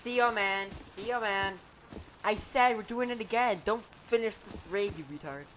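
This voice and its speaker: A woman chatting casually while gaming with friends, given to whiny protests and sudden yells. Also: mid-range voice, a little slow, background noise. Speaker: gamer streaming with friends.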